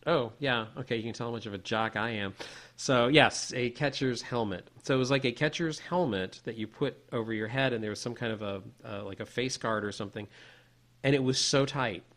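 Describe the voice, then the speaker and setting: A man's voice: medium pitch, a little fast, a bit bright. Guy on a podcast telling a story, lots of "like" and restarts, casual chat. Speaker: podcast co-host.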